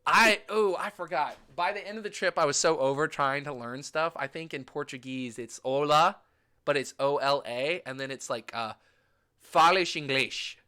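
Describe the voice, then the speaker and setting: A young man from the States chats about his travels with a bright, crisp, clear voice. He talks in an animated, gushing way and swears casually. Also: fairly high pitch, normal speed, few pauses. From United States. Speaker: vlogger. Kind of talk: casual travel recap chat.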